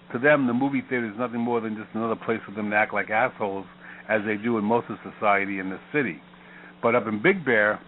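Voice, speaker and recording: A man's voice: on the low side, a little hiss or hum. An older man hosting a call-in radio show, talking bluntly, sarcastic and profane. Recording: phone-like line.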